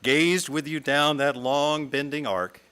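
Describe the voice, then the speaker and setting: A middle-aged man from the American South, a guest speaker giving a reflective talk read from a script in a lyrical, measured way. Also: on the high side, steady tone, a bit bright, clear, resonant tone. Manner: lyrical, measured reading with long lists. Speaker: guest speaker at a fellowship service.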